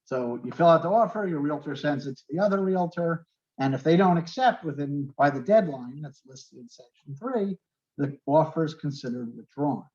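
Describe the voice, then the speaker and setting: A man's voice: fairly high pitch, dull audio. New York man teaching a class. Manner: explains with everyday examples, checks in with okay. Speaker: real estate instructor. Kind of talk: online class lecture.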